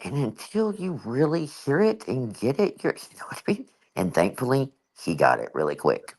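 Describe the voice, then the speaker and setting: A woman hosts a relaxed livestream chat, her pitch swinging widely as she tells a story. She acts out the exchanges she describes and keeps the talk loose and conversational. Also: moderate pace, low-quality recording. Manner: frequent "you know" fillers. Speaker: channel host.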